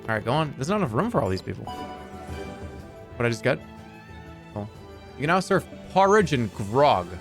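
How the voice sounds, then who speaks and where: A middle-aged man gives playful, animated game commentary, his pitch leaping around as he jokes and swears casually. He has a soft bed of music running faintly underneath him. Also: fast. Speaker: streamer.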